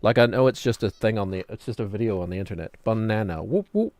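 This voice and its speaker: A New man streams a game and talks in a loose, rambling, joking way. His voice sits low. The sound is dry and close to the mic, with no room around it. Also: rapid-fire, a little mellow, no echo. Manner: rambling, jokey, drifts into put-on British voices. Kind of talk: casual gameplay chatter.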